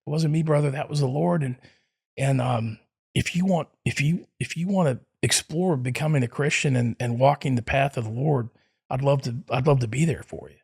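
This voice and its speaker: Middle-aged guy rambling through a story, gravelly voice, lots of restarts and ums. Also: medium pitch, moderate pace, darkish tone. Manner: rambling with many restarts and fillers. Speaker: podcast guest. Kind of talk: casual storytelling.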